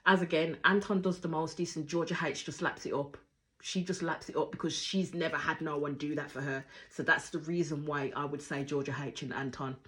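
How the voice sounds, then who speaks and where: Brief: lower-voiced woman, flavoured, casual reaction commentary, opinionated, acts out lines big leaps. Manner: opinionated, acts out quotes with big jumps in pitch and volume. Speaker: reality show reviewer.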